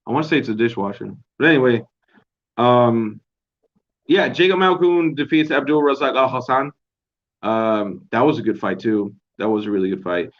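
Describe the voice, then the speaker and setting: A man's voice: medium pitch, normal speed. Profane, rambling young man, lo-fi. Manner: profane, rambling, laid-back. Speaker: podcast host. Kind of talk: casual solo recap. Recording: dull lo-fi home recording.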